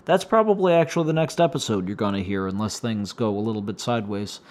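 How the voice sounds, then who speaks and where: A man hosting a solo podcast, his voice slightly hoarse and shaky, rambling and wryly complaining as he talks. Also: lowish voice, expressive, quick pace, slight background noise. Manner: meandering, self-interrupting, wry complaints. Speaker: podcast host.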